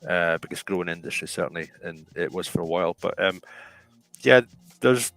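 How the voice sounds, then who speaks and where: A low-pitched man with a gravelly, creaky voice chats loosely as a show host. He rambles, repeats himself, and keeps turning to his listeners. Faint music sits under his voice. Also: brisk, fairly bright tone, poor audio. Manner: rambling, repeats and restarts phrases, addresses listeners as folks. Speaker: podcast host. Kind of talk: casual chat.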